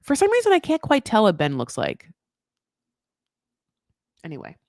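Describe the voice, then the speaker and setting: A woman's voice: medium pitch, normal speed, creaky, no echo, clean studio sound. Chatty sarcastic woman recapping TV. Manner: rambling, sarcastic, animated asides. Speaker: recap host.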